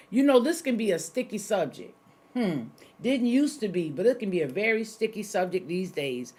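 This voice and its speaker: Middle-aged woman pastor, conversational sermon, folksy, speaks directly to listeners, mid-range pitch. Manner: folksy, talks straight to listeners, repeats key phrases.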